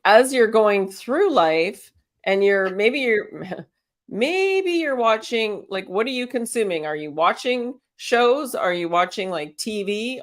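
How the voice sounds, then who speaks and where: In a casual spiritual self-help talk, a medium-pitched woman serves as host, encouraging listeners in a chatty way. She laughs a lot and asks rhetorical questions one after another.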